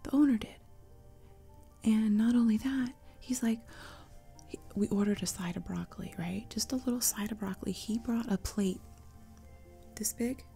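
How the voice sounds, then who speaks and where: A woman hosting an ASMR channel, talking in a soft half-whisper and telling a rambling, chatty story up close to a sensitive mic. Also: mid-range voice, normal speed, creaky, long pauses, faint music behind. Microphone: close sensitive mic for headphones.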